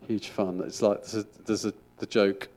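A man's voice: fairly low pitch, level tone, normal speed, darkish tone. A middle-aged man, a school chaplain, giving an informal sermon in a chatty, rambling way with frequent restarts.

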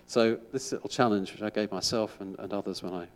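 A man's voice: fairly low pitch, fairly even intonation, brisk. A middle-aged man, a school chaplain, giving an informal sermon in a chatty, rambling way with frequent restarts.

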